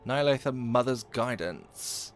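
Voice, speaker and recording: A man's voice: mid-range voice, lively intonation, takes it slowly, faint music behind. A young British man from England, live-streaming a game and chatting jokily with his viewers. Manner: chatty, jokey, reads and answers chat. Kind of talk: casual live-stream chat while gaming.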